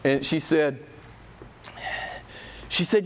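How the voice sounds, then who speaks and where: A man's voice: high-pitched, animated, unhurried. A man preaching a sermon in a church, impassioned and emphatic, repeating his phrases. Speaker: pastor.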